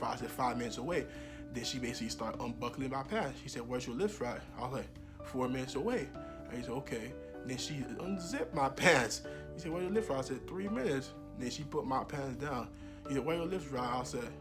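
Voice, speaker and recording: A young man telling a casual storytime monologue, animated, with laughing and loud outbursts. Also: mid-range voice. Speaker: vlogger. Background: background music.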